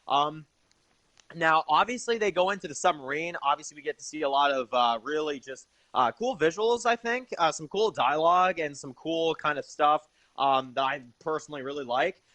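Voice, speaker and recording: A man's voice: on the high side, lively intonation, moderate pace, sharp tone, no room sound. A young man giving an enthusiastic, rambling casual review of a TV episode, full of fillers.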